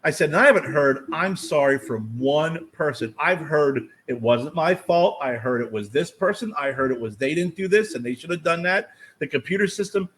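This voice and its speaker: A man co-hosting a casual podcast chat, telling an animated story, acting out the people he quotes and swearing freely. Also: on the high side, normal speed, hardly any pauses, breathy edge. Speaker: podcast co-host.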